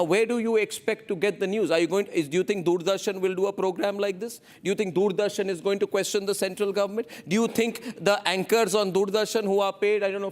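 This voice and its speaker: Male TV anchor, Indian accent, forceful and relentless, higher-pitched. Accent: Indian English. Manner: insistent, talks over guests, repeats demands. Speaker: news anchor. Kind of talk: heated TV debate moderation.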